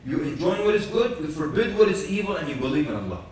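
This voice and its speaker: A man preaching at a youth conference, telling lively stories with jokes and acting out quotes. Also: fairly high pitch, quick pace, slight background noise. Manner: animated storytelling with jokes and acted quotes. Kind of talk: conference lecture. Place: large conference hall. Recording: echoey hall from far off.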